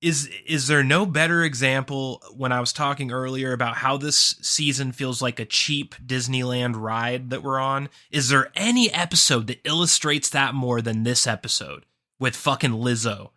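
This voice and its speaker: A man's voice: medium pitch, moderate pace, pushed and bright. A man co-hosting a podcast, ranting sarcastically and swearing heavily in a casual review chat. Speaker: podcast co-host.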